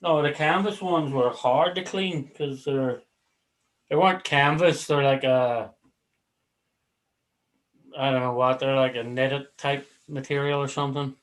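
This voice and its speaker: A man's voice: mid-range voice, steady tone, a little slow, long pauses, rough recording. A man hosting a casual livestream chat, rambling between topics and swearing casually. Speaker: livestream host.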